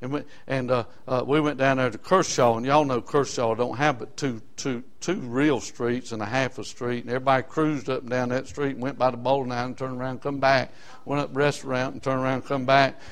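A man's voice: medium pitch, level tone, brisk. An older man with a South Carolina Southern accent preaching a fiery, folksy sermon in colloquial grammar.

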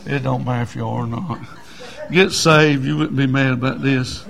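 Older pastor, gravelly voice; folksy sermon, quiet stretches breaking into shouts. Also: male voice, mid-range voice, fairly even intonation, normal speed.

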